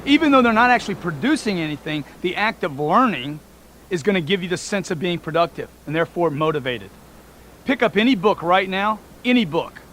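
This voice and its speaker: Man, higher-pitched than most, emphatic motivational speaker, punchy and repetitive. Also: lively intonation, fairly quick, fairly bright tone, slight background noise. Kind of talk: motivational audiobook talk.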